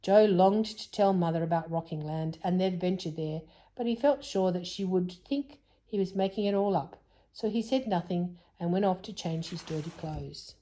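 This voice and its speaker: A woman's voice: on the low side, normal speed, mellow. A woman reading a children's storybook aloud, stopping now and then to explain things to a young listener in a whisper. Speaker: storybook reader.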